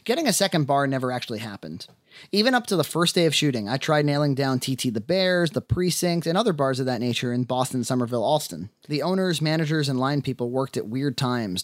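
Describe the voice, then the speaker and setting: An independent filmmaker narrating the making of his film in measured, wry first person. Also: mid-range voice, expressive, dry recording, studio quality.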